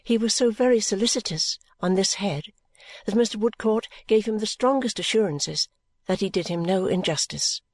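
Woman reading a novel aloud, steady and measured, dry close mic. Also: mid-range voice, no room sound. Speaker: narrator. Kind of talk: scripted narration.

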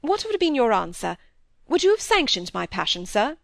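A woman's voice: fairly high pitch, sing-song, a little fast, vocal fry, no room sound, pitched above the performer's own voice. Stiffly offended young male apprentice in a storybook, stammering, dry close sound, read by a woman. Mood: defensive.

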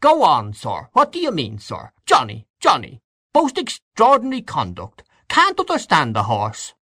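A man doing a pompous, blustering old gentleman. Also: a little high, wildly swooping pitch, measured pace, breathy edge, no echo, studio quality, voice pushed up, heavily acted. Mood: indignant.

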